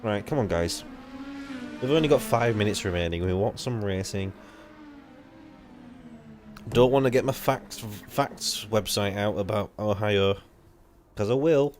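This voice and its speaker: A young man commentates an online racing league live, a little slowly and with long pauses, over a faint hiss or hum. Casual and rambling, he swears freely and spikes to a high, excited pitch when the action picks up.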